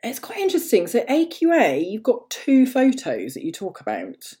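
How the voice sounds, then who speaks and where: A woman's voice: fairly high pitch, huge pitch swings, moderate pace, dark tone. A woman in her thirties hosting a podcast on her own, talking casually in a chatty, rambling way with many asides. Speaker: podcast host. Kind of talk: casual solo podcast talk.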